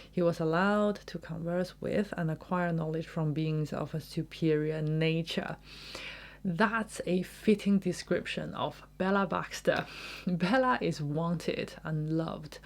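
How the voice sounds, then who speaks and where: A woman giving literary commentary and reading book passages aloud in a measured, thoughtful way. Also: fairly low pitch, fairly even intonation. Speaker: book reviewer.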